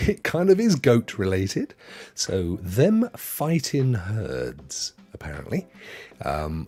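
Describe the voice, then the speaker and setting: Chatty man hosting a live stream; very lively pitch, joking with chat, faint music behind. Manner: chatty, jokey, reads chat aloud.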